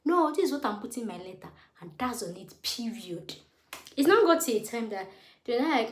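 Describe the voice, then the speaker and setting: A woman in her late twenties with a Nigerian English accent, retelling a story with animated, indignant emphasis and acted quotes. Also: a little high, a little fast, echoey room. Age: 20s. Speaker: vlogger. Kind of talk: storytelling to camera.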